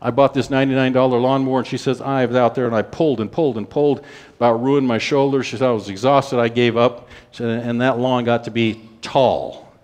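Man, preacher, folksy storytelling, mid-pitched voice. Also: steady tone, a little mellow. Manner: folksy storyteller retelling a woman's testimony, quick runs slowing for emphasis. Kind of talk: storytelling sermon.

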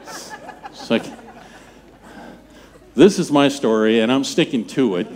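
A man in his seventies, a pastor preaching a sermon in a church, talking in a conversational, halting way with many restarts. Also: medium pitch, animated, a little mellow, some chatter behind. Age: 70s. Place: church sanctuary.

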